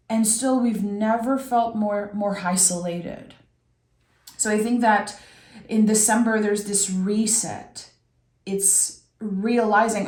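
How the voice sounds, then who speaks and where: A woman from Québec, giving a gentle, reflective tarot reading and often pausing to search for words. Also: medium pitch. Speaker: tarot reader. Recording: roomy echo.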